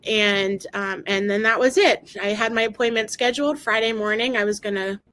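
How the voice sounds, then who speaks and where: A woman telling an emotional personal story in an interview, talking haltingly with many fillers and restarts. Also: mid-range voice, a bit bright, poor audio. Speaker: guest sharing her story. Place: lives in Maryland.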